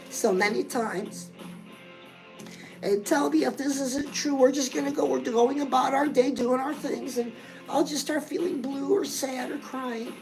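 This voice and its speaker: Over music and through poor audio, a middle-aged woman with a high, gravelly voice takes her time hosting a comedic fitness and lifestyle show. In this character monologue she gushes and chats away, constantly calling the viewer "girl."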